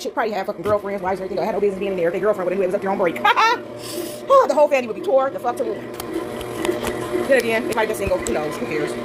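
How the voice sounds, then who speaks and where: Woman, middle-aged, chatty home kitchen vlog, quick pace, lots of background noise. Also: fairly high pitch. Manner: chatty, addresses viewers as y'all, frequent tag questions. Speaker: vlogger. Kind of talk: casual chat while baking.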